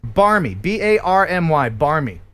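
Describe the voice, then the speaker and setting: Lively American man hosting a quiz. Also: on the high side, normal speed, smooth. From United States. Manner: lively, laughing quizmaster. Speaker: host. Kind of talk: live-stream quiz chat.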